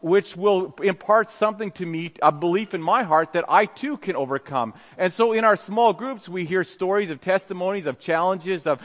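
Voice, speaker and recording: A man preaching a sermon in a church, speaking haltingly with many fillers and restarts. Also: sits high, a bit bright. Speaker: pastor. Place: church sanctuary. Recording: long hall reverb.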